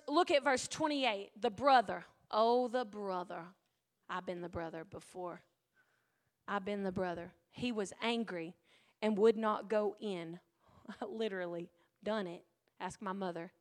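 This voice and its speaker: A woman preaching a sermon, swinging from shouted declarations to hushed, intimate asides. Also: mid-range voice.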